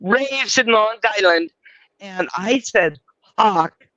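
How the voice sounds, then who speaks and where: A man's voice: high voice, measured pace, pushed and bright, dull audio. A man from California, hosting a live stream and telling rambling stories in casual banter, swearing freely. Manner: chatty storyteller, swears freely.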